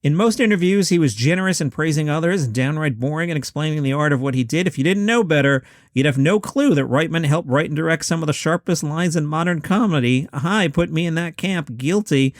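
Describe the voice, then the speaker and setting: A podcast host in his fifties runs a solo show from home, rattling off quick movie lists with wry, chatty commentary. He speaks on the high side. There's no room sound, just clean studio audio.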